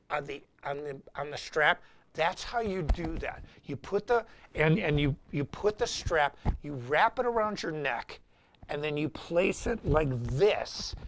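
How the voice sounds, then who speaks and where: Gravelly, bright-voiced guitar teacher. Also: male voice, fairly high pitch, slight background noise. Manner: animated, rambling, anecdotal. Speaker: guitar teacher and show host. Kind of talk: live-streamed guitar lesson.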